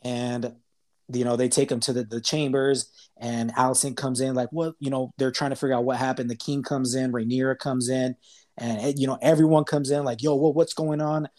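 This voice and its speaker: A man on a podcast, casually retelling a TV episode in a rambling way, with lots of fillers and quick acted-out quotes. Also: medium pitch, level tone, darkish tone. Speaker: podcast host. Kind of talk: casual chat recapping a TV episode.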